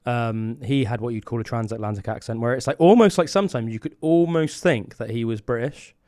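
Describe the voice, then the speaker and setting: A man's voice: medium pitch, fairly quick, darkish tone, dry recording, studio quality. A man co-hosting a podcast in casual chat, rambling with many fillers and restarts. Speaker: podcast co-host.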